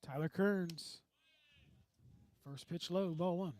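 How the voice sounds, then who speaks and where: Male play-by-play caller, local radio baseball, slightly high voice, dry close sound, folksy and easygoing. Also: takes it slowly, dry recording. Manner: folksy, relaxed banter between pitches. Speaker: play-by-play announcer.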